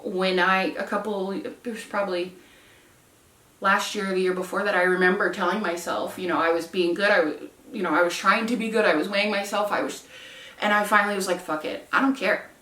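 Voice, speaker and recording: A woman's voice: medium pitch, steady tone, fairly quick, sharp tone. A woman in her twenties talking earnestly and openly in a personal home vlog. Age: 20s. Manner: earnest, heartfelt and self-reflective. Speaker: vlogger. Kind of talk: candid personal vlog chat. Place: room at home with candles lit. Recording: echoey room, mic at a distance.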